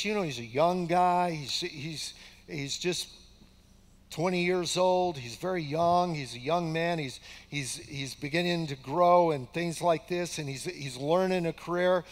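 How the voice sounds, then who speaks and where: A man's voice: on the high side, in a large hall. A man in his sixties, a pastor giving a folksy, emphatic, conversational sermon and repeating phrases for effect. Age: 60s. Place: church sanctuary.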